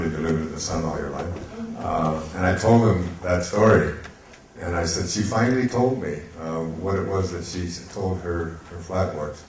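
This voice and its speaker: Older male speaker, low-pitched, reflective storyteller, roomy hall sound. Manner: gentle, reflective, halting with fillers. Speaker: speaker on stage. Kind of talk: storytelling talk. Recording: echoey hall, faint hiss.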